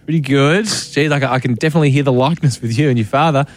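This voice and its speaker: A man's voice: mid-range voice, fast. An Australian man hosting a radio show, easygoing and teasing a caller. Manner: easygoing, teasing, laughs often. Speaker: radio host. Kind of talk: breakfast radio banter.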